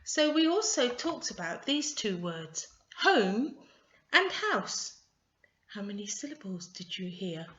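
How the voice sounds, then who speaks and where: A woman's voice: mid-range voice, sing-song, moderate pace, hardly any pauses, roomy sound, lo-fi sound, a little hiss or hum. A woman tutor giving an English lesson, patient and stressing each word.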